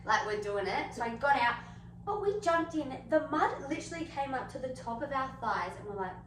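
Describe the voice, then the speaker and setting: Lively young woman with a swooping voice. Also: sits high, a little fast, far from the mic. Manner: lively, many fillers, acts out her own panicked thoughts. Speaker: podcast guest. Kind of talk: casual storytelling chat. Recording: roomy echo, a bit off mic, faint hiss.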